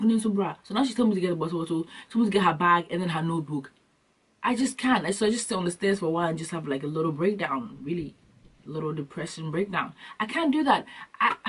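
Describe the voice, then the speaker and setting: A young adult woman vlogging, telling comic stories in an animated, slangy way and acting out scenes. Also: on the low side, slightly rough. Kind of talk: comic storytelling vlog. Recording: distant from the mic.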